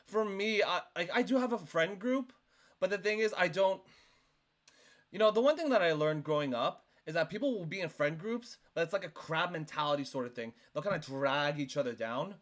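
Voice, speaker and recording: A male streamer doing reaction commentary into a desk microphone, talking in an animated, emphatic way with lots of "like". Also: high-pitched, moderate pace.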